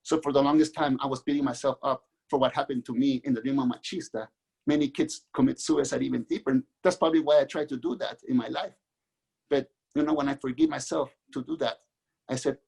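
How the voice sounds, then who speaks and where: A middle-aged man from Mexico, a guest author, telling his own life story in an earnest, halting way with many restarts. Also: mid-range voice, gravelly, a little mellow, husky. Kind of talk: candid personal storytelling.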